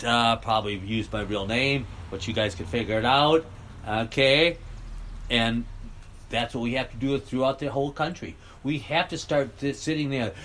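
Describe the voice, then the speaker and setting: A man's voice: mid-range voice, fairly bright tone, poor audio. A man ranting bluntly and sarcastically about politics, rambling on in a heated vlog. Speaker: political vlogger. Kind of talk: rambling rant.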